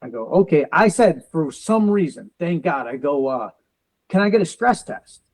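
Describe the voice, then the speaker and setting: A man in his forties, a veteran and police officer, tells a personal story in an interview, quoting others in quick back-and-forth exchanges. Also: on the high side, big pitch swings, darkish tone, low-quality recording. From United States. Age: 40s. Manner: quotes others in quick back-and-forth, uses car comparisons.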